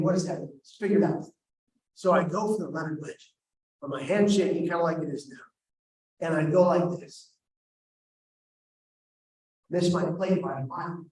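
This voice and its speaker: An animated man on stage, telling a self-deprecating comic story at a quick clip. His voice sits fairly high. It echoes heavily through a large event hall, caught from some distance. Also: slight background noise. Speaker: keynote speaker, host.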